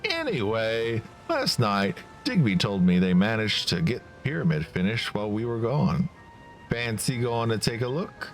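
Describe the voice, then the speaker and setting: A man voicing a blunt young male companion in a game, low and earnest. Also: sing-song, moderate pace, soft background music. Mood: friendly.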